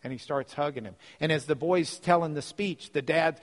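A man preaching a sermon, telling a story with lively delivery and repeating phrases for emphasis. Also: on the high side, fast talker, few pauses. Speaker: pastor. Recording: reverberant hall.

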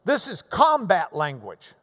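High-voiced guy preaching real slow, repeats himself for emphasis, big echoey hall. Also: wildly swooping pitch, sharp tone. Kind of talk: sermon.

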